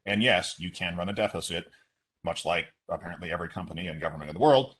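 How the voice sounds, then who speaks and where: A man, an instructor, giving a brisk, explanatory online webinar walkthrough of a teaching simulation with asides, speaking from his desk into a computer mic on a video call. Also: sits low, fairly bright tone, husky.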